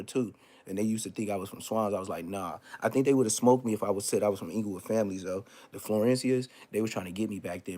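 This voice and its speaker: A man's voice: lowish voice, dark tone. A man telling a story on a casual live stream, profane and emphatic, repeating street oaths.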